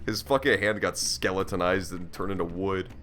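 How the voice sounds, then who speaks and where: A man's voice: low voice, steady tone, moderate pace, fairly bright tone, faint music behind. A man giving casual gameplay commentary on a stream, joking and swearing as he reacts aloud to the game. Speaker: let's play streamer.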